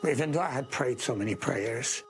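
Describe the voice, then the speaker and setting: A man's voice: medium pitch, a bit bright. A middle-aged man from Iran with an Iranian accent, telling his story earnestly in an interview. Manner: slow, earnest, emphatic storytelling. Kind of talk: testimony interview.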